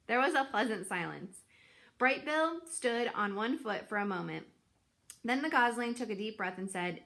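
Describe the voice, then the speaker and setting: Woman reader for a kids' story channel, lively expressive delivery, fairly high voice. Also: normal speed, creaky. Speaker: children's book reader. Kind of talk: reading a children's book aloud.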